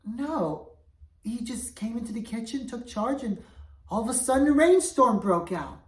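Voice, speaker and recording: A woman's voice: on the high side, animated, moderate pace, pitched above the performer's own voice, close to an everyday voice. A woman voicing a nervous male kitchen servant who answers hesitantly in a raised voice, in a roomy recording from a distance. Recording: roomy, voice away from mic.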